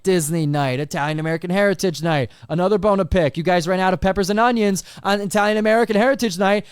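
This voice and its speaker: A young man hosting a solo sports podcast, recapping games and then ranting in an animated, exasperated way. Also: high-pitched, no echo, studio quality. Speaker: podcast host.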